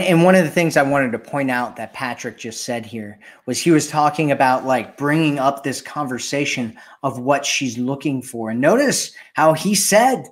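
A man hosting a casual dating advice chat, talking loosely and acting out quoted voices. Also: on the high side. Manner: animated, acts out quoted voices. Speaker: dating coach and host.

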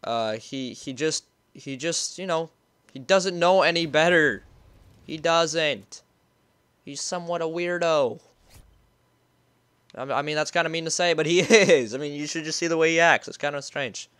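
Excitable gaming commentator with a high voice. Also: male voice, moderate pace, clear, resonant tone, dry recording. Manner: rambling and excitable, gasping and yelling during play. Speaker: gaming YouTuber. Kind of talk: casual gameplay commentary.

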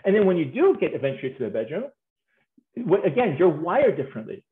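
Playful male speaker, high voice, comic delivery; tinny, phone-like, echoey recording. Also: fast. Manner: animated, playful, acts out voices and laughs often. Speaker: speaker on marriage. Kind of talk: humorous conference talk.

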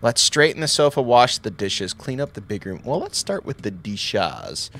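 A man's voice: mid-range voice, sing-song, moderate pace, fairly bright tone. A man hosting a let's play, commenting on a horror game from home, joking and jumpy, yelping and laughing at the scares.

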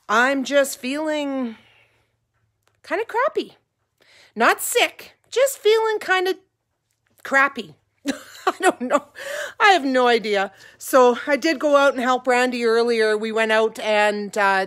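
A woman's voice: sits high, fairly bright tone. A middle-aged woman talking casually to her vlog viewers from her kitchen, rambling and a little teary. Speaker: vlogger, ranch owner. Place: home kitchen.

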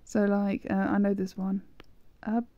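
With a mid-range, level, dark-toned voice at a measured pace, a woman narrates her play of a language-learning game for a gameplay video. Her commentary is casual, rambling, and self-deprecating, full of hesitations and trailing thoughts, recorded without echo and with the highs cut off.

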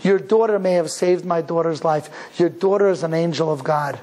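A man's voice: a little high, normal speed, darkish tone, natural voice, poor audio. A man voicing a heartbroken, pleading mother. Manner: tearful, emotional, pleading.

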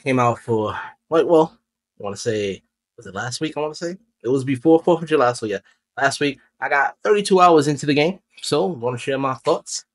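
A man's voice: mid-range voice, expressive, brisk. A young man casually reviewing a video game as a channel host, chatty and rambling, correcting himself as he goes. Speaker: gaming YouTuber.

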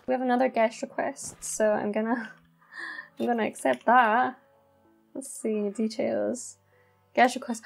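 A young woman, excitedly commentating as she plays a cozy video game. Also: on the high side, a little slow, vocal fry, faint music behind. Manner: bubbly, excitable. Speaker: gaming channel host. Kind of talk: let's play commentary.

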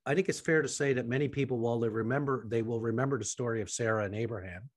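A man from Canada hosting a podcast interview, asking long, halting questions that trail off quietly. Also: medium pitch, no room sound, studio quality. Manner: halting, many fillers and restarts, trails off quietly. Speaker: podcast host.

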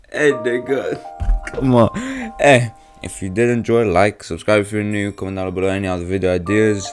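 A man, a regular video host, roasting strangers in loud, profane trash talk and laughing often. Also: medium pitch. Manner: brash, repetitive, profane, laughs a lot. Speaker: YouTuber roasting strangers in a VR game.

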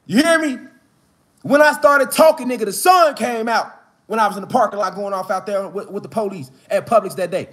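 High-voiced man preaching hard, outdoors. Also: a little fast. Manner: street slang, builds to shouted emphatic preaching. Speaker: online spiritual speaker. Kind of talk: preaching-style monologue. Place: outdoors in the mountains.

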